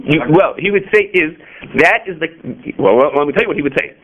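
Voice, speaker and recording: Man teaching a class, rapid delivery, animated rhetorical questions, muffled lo-fi sound. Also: fairly high pitch. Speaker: Torah teacher. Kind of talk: halacha class.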